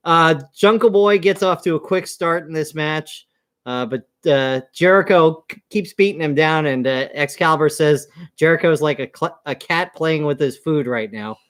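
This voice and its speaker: A man's voice: fairly high pitch, normal speed, clean tone. A man co-hosting a wrestling review show, recapping in an easygoing way with lots of "uh" fillers. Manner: easygoing, many "uh" fillers, chuckles often. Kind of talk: casual review chat.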